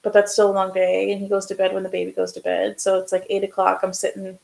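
A woman's voice: medium pitch, completely flat delivery, quick pace, vocal fry, a little mellow, poor audio. A young woman co-hosting a podcast, talking in a rambling casual way with lots of fillers. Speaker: podcast co-host. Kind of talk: casual chat.

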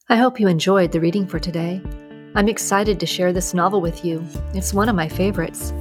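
A woman's voice: medium pitch, no echo. Woman reading a novel, dry and close. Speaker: podcast host and reader. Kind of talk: reading an erotic thriller novel aloud.

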